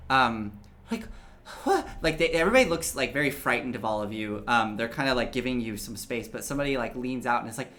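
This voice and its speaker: A man's voice: medium pitch, fast, a bit bright. A man running a tabletop game as game master, narrating in a casual, rambling way with many fillers.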